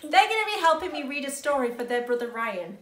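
A young woman reading a picture book aloud to children at home, playful and expressive, voicing the characters. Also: high-pitched, fast, a little hiss or hum. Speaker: children's story reader. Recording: roomy echo.

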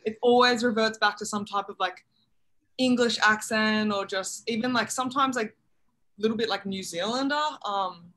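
A young adult woman with an Australian accent, chatting in a relaxed way during an interview over a video call. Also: medium pitch, moderate pace. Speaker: college basketball player. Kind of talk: casual interview chat.

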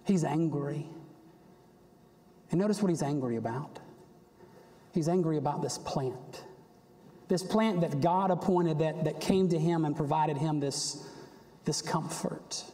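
A man preaching a sermon in a church, animated, acting out the prophet's complaints with a rising voice. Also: fairly high pitch, unhurried, pauses often. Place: church sanctuary. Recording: long reverb of a church hall.

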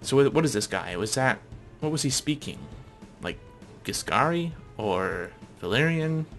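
A man's voice: mid-range voice, expressive, a little slow, fairly bright tone, soft background music. A man casually commenting as he plays a game, chatty and thinking aloud. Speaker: gamer.

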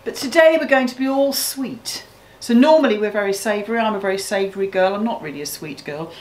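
A woman's voice: medium pitch, brisk, a little mellow, roomy sound, poor audio. A woman hosting a home cookery video in her kitchen, chatty and playful, teasing herself and her partner. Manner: chatty, playful, self-mocking. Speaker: cookery host. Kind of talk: casual cooking show chat.

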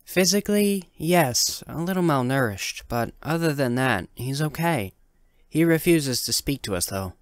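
A calm female doctor speaks in a gentle, measured, reassuring way, as a male narrator puts her on. Her voice sits well above his usual low register and stays bright and careful. The sound is close and dry. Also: no echo.

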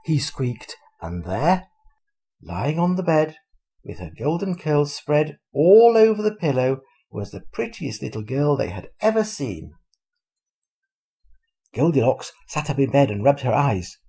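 An older man reads a children's storybook aloud to his grandchildren at an unhurried pace. His medium-pitched voice is gravelly and husky, rising and falling with lively expression.

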